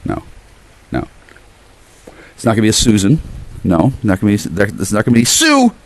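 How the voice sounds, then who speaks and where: A man with a fairly low voice rambles into the camera outdoors on his porch. His pitch leaps and drops all over the place as he curses and jumps from one grievance to the next, loud one moment and murmuring the next. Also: wildly swooping pitch, moderate pace, no room sound. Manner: profane, erratic, shifts between ranting and murmuring.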